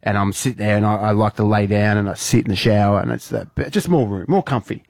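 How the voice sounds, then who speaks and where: A man's voice: fairly low pitch, fast, vocal fry, darkish tone, no echo, studio quality. A young Australian man hosting a casual radio show, telling rambling stories and laughing often. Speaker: radio host. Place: radio studio.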